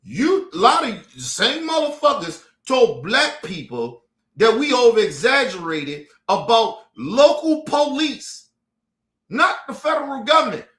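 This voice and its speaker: Man, from the United States, streamer rant, profane and emphatic, lively pitch, echoey room. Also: unhurried. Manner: profane, fiery and emphatic, lecturing the audience. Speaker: streamer and commentator. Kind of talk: heated streamed commentary rant.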